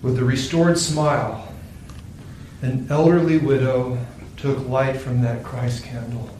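Solemn, slow man telling a sermon story. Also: medium pitch, steady tone, a little mellow, a little hiss or hum. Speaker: preacher. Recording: very echoey room, distant mic.

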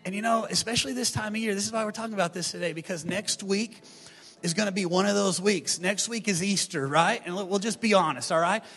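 A middle-aged man preaching from the pulpit in a high, bright voice that rings through a big reverberant hall. He keeps the congregation engaged with animated, playful asides, and soft music plays underneath. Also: brisk. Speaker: pastor. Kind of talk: sermon. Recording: long hall reverb, faint music behind.

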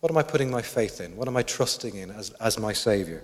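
A man's voice: lowish voice, lively intonation, fast talker. A man preaching a sermon, thoughtful, asking his listeners many questions. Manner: reflective, asks the congregation questions. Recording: long hall reverb.

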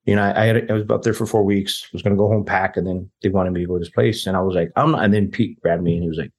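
A man's voice: sits low, fairly even intonation, very fast, breathy edge. A man, a guest telling a personal story in casual, rambling talk, often quoting other people. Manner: rambling, quotes others in dialogue. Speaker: interview guest.

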